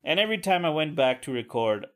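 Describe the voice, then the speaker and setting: A young man hosts his own solo podcast, venting in a rambling, profane way full of crude asides. His voice sits slightly higher than most men's. He talks casually, as if to friends. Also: very animated, fast, fairly bright tone. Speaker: podcast host.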